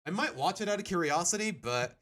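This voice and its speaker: A man live-streaming his reactions to videos in casual, animated chat, groaning and laughing as he goes. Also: high-pitched, fairly quick.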